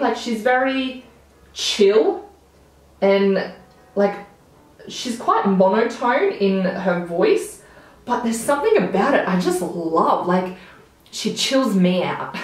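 A young woman, chatting casually to camera as a beauty vlogger while doing her makeup, gushing and bubbly, trailing off into mumbles at the ends of phrases. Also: medium pitch. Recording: very echoey room.

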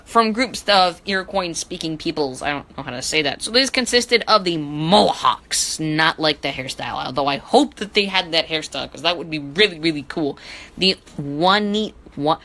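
A woman's voice: deep voice, expressive, moderate pace, pushed and bright, rough recording. A woman teaching history in a casual podcast, full of joking self-deprecating asides and stumbling over hard names.

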